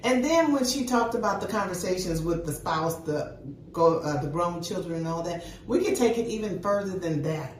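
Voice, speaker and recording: A woman's voice: lowish voice, expressive, moderate pace. Older woman, grandmother, emphatic storyteller, casual chat, distant mic. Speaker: co-host. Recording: echoey, distant mic with faint noise.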